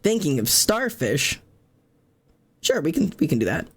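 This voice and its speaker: Rambling jokey young streamer, higher voice. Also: male voice, very animated, a little slow, slightly rough. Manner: rambling, jokey, chats with viewers and cats. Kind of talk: casual live-stream chat.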